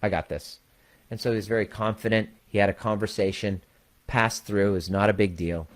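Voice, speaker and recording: A man with a very low voice speaks candidly to his community, telling a story in plain words and swearing freely. He slows down to stress his main points, like a coach talking straight to his members. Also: steady tone. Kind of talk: personal story and address to a community.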